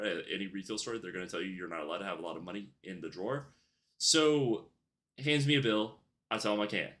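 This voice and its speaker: A man's voice: lowish voice, bright, forceful tone. A young man telling a storytime vlog about his retail job in a casual, rambling way, full of fillers and restarts. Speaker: YouTuber telling a work story.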